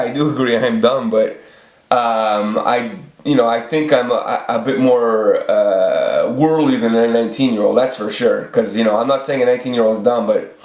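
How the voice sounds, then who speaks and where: Man in his forties, mid-pitched, rants unscripted and profanely, echoey room. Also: unhurried, a little mellow. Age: 40s. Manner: rambling, profane, many restarts. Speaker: channel host. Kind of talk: off-the-cuff ranting vlog.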